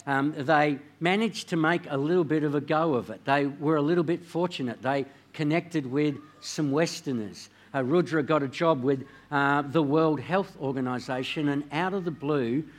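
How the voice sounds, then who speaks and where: A man preaching a sermon, telling a story in a measured way and dropping his voice quietly on key words. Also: a little high. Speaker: pastor.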